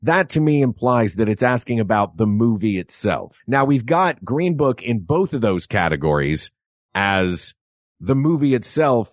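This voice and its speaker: A man co-hosting a comedic podcast, arguing precisely over wording in a lively way. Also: lowish voice, dry recording, clean studio sound. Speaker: podcast co-host.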